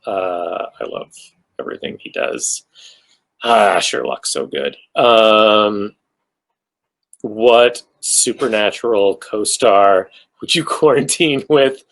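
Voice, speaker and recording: A man's voice: mid-range voice, creaky, fairly bright tone, poor audio. A man, an actor, answering fan questions on a virtual panel over a video call, rambling and joking at his own expense with many fillers. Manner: rambling, self-mocking, jokey, many fillers.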